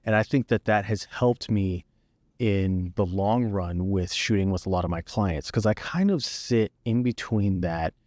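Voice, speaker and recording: Low-voiced man chatting easily. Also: a little slow, dry recording. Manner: relaxed storytelling, easy and conversational. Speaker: guest videographer. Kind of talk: casual podcast chat.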